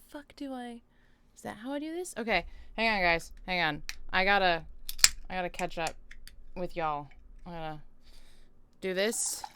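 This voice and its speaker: A woman's voice: medium pitch, fairly bright tone, a little hiss or hum. A woman co-hosting a live stream, giggling and reacting in disbelief to a video. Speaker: co-host, host's wife. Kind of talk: casual live-stream chat.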